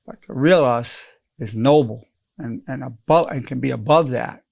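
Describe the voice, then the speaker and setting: A man's voice: medium pitch, moderate pace, creaky, a little mellow. A man in his eighties, a psychologist giving an earnest spoken self-help lesson, repeating lines for emphasis and acting out quoted phrases. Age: 80s.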